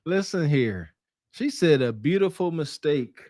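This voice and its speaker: A man's voice: fairly high pitch, expressive, normal speed, no room sound, studio quality. A man co-hosting a podcast in casual commentary, lecturing and scolding with sighs and laughs. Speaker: podcast co-host.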